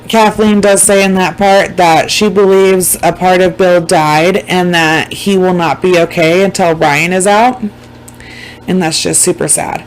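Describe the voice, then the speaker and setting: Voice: medium pitch, rough recording. This is a vlogger talking casually straight to the audience. The delivery is loose and rambling, with plenty of swearing and words repeated for emphasis. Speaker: vlogger recapping a documentary. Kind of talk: casual chat.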